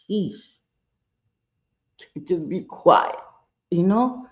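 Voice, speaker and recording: A woman's voice: on the low side, expressive, very slow, long pauses, highs cut off. A woman chatting candidly and playfully through a makeup tutorial, with sassy asides, recorded at home. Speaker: makeup vlogger. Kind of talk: casual makeup tutorial chat.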